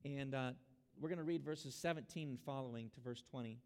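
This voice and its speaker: A man's voice: mid-range voice, a little fast, darkish tone. A male pastor giving an earnest sermon, urging his congregation in a church sanctuary. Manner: earnest preaching, urging and exhorting. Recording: long hall reverb.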